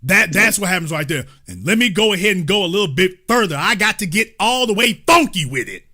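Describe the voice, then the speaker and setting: Animated high-voiced male host. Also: a little fast. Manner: animated and emphatic, mild cursing, occasional shouts. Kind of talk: livestream political commentary.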